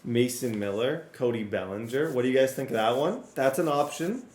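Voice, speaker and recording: A man doing casual commentary on a sports video game, excitable and talking straight to his viewers, his voice strained and cracking. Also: medium pitch, brisk, roomy sound. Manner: excitable, talks to viewers, rattles off player names. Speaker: gaming YouTuber.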